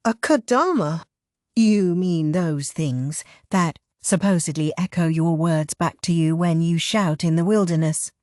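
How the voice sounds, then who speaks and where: A woman's voice: lowish voice, a little slow, darkish tone, no echo, studio quality, natural voice. Woman voicing a blunt young apothecary girl.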